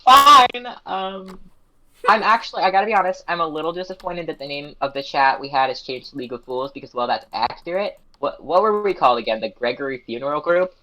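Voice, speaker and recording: A woman's voice: deep voice, quick pace, fairly bright tone, rough recording. A young woman on a live stream chatting casually, telling a long story in a rambling way, breaking off her own sentences and often laughing. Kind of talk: casual chat.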